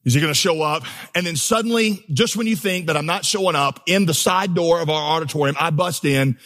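A man's voice: fairly high pitch, brisk, a bit bright. A man preaching a sermon as pastor, telling stories with humor and building to emphatic, impassioned crescendos. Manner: storytelling, humorous asides.

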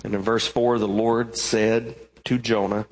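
A man's voice: lowish voice, level tone, measured pace, long reverb tail. A male pastor preaching a sermon in a church, emphatic and full of rhetorical questions, sometimes repeating words as he builds up. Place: church sanctuary.

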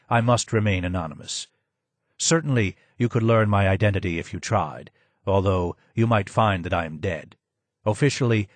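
Brief: hoarse, broken old former advisor, voiced by a male narrator; low, slow, heavy with sadness. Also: no echo, lightly acted. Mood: grim.

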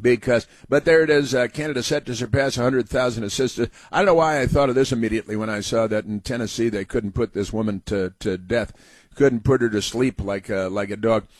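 A man's voice: mid-range voice, no room sound. A man hosting a sarcastic monologue, reading out headlines with many fillers and restarts and mocking them. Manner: sarcastic, halting with many fillers, mimics people in raised voices.

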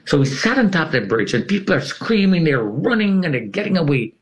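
A man speaking fast and very animatedly tells a dramatic personal story as an interview guest. He swings his pitch widely for emphasis.

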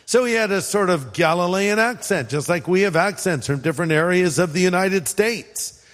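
A man's voice: sits high, animated, normal speed, a bit bright. A man from California, a pastor preaching a sermon in a conversational way with joking asides. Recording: long hall reverb.

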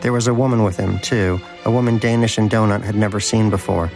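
A man reads an audiobook with a lowish voice and a wry, deadpan delivery. Music plays steadily behind him. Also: fairly quick. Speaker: narrator. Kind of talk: audiobook narration.

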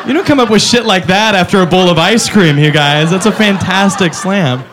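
A man's voice: high voice, moderate pace, noisy background. A man doing a stand-up comedy set, exasperated and profane, talking straight to the crowd.

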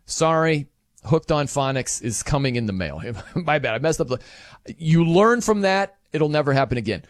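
A man hosting casual sports commentary, animated and wry, acting out quotes in little voices. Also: fairly high pitch, normal speed, no echo, studio quality. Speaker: sports talk host.

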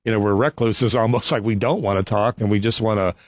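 Fast-talking chatty male radio host. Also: lowish voice, fairly even intonation, no room sound, clean studio sound. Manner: quick, chatty, laughs often. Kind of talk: casual radio talk.

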